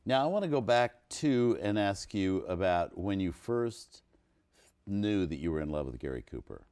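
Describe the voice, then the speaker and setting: A male interviewer with a very deep voice. He asks his questions in a measured way, with occasional hesitant fillers. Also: lively intonation, darkish tone, clear, resonant tone.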